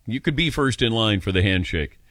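An older man hosting a radio call-in show, telling stories about himself in a relaxed, self-mocking way. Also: lowish voice, brisk, dry recording. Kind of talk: casual radio talk with callers.

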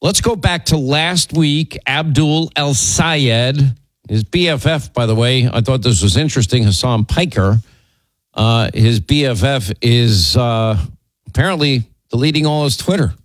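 A man's voice: medium pitch, animated, a little slow, dry recording, low-quality recording. A male show host giving opinionated commentary in a sardonic way, often restarting his sentences.

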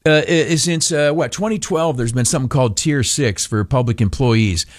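A man's voice: mid-range voice, moderate pace, no room sound, clean studio sound. Sex: male. Role: talk radio host. Style: opinionated political commentary. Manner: rambling, folksy, sarcastic, full of "uh"s.

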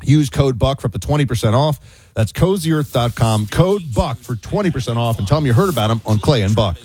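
A man co-hosting a talk radio show, teasing his partner with quick jokes, and also reading ads. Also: medium pitch, expressive, a little mellow, faint music behind. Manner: wisecracking, teasing. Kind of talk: talk radio banter and host-read ad.

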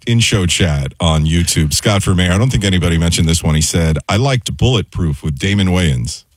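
A man on a sports radio show, briskly bringing in callers and chiming into the banter. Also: deep voice, lively intonation, breathy edge, no room sound. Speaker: radio producer taking calls.

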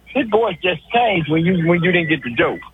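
A man's voice: high voice, lively intonation, normal speed, background noise. A man calling into a radio show, laid-back and laughing, using drawling slang. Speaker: regular caller. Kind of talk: casual phone chat on radio. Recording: tinny phone line.

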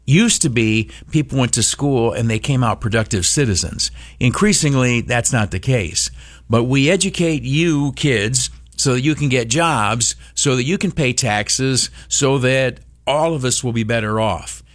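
A man's voice: mid-range voice, lively intonation, a little slow, no room sound. Male call-in radio host, blunt, opinionated, filler-heavy, in a dead, dry booth. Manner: frank, opinionated, with many uh fillers. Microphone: studio microphone.

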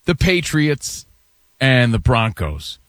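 Easygoing sports radio host, lively delivery. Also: male voice, mid-range voice, slow pace, no echo, clean studio sound. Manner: leads the segment, reads listener comments, easygoing. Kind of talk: casual sports talk banter.

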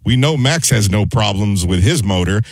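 A man's voice: lowish voice, expressive, moderate pace, no echo, low-quality recording. A man on a sports talk show giving earnest, upbeat team analysis in casual studio chat.

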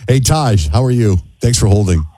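A man hosting a call-in radio show, joking quickly with callers. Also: lowish voice, lively intonation, mellow. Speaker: radio host.

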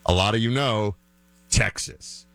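A man's voice: lowish voice, measured pace, fairly bright tone, dry recording. A man hosting a talk show, giving chatty, opinionated commentary full of fillers and restarts.

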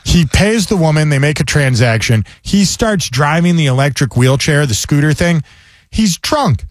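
A male radio host tells stories and reads news items in an animated, casual way. His voice swings up and down in pitch, and the studio sound is close and dry. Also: normal speed, no echo. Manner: animated storyteller with mock news reading. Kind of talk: casual talk radio banter.

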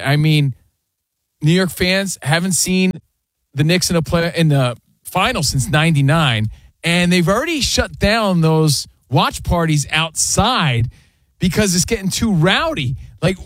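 A man hosting a sports talk radio show, talking fast and animated, throwing in casual asides like "man" and "dude". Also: high voice, dry recording. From US East Coast. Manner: animated, rapid, says man and dude a lot. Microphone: studio microphone.

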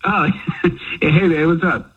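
A man's voice: on the high side, fairly even intonation, takes it slowly, husky. A man on a phone call who stammers and restarts his sentences, confused by the caller. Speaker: phone prank target.

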